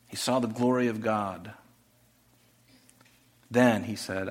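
A male pastor preaching a sermon earnestly, often dropping to a soft voice for rhetorical questions. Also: fairly low pitch, steady tone, slow pace.

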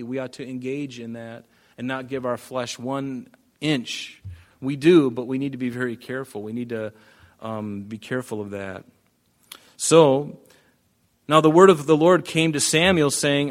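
Pastor dude walking through scripture, chatty, cracks little jokes, restarts a lot. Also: male voice, medium pitch, steady tone, moderate pace. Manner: casual, joking asides, frequent restarts. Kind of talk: conversational Bible teaching.

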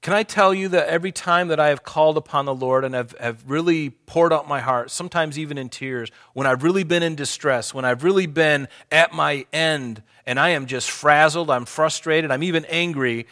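A man preaching a sermon in an earnest, conversational way, slowing and lifting his voice when reading scripture aloud. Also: on the high side, sharp tone. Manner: conversational asides to the congregation. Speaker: pastor.

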